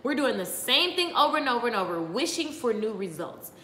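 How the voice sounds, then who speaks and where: Bright-voiced woman giving a chatty pep talk. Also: on the high side, sing-song, fairly quick. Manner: chatty, greets viewers by name, rambling asides. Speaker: motivational speaker. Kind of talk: casual live-stream pep talk. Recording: echoey room with long reverb, faint background noise.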